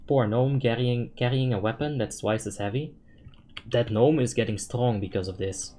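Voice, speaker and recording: A man streaming a game live, answering chat questions in a relaxed, talkative way and swearing now and then when a play goes wrong. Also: mid-range voice, moderate pace, a little hiss or hum. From Netherlands. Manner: relaxed, chatty, thinks out loud, swears when frustrated.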